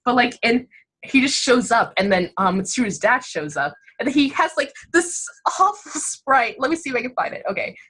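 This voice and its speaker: High, bright, rambling young woman. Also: moderate pace, breathy edge. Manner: excitable, rambling with many fillers. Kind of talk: casual chat.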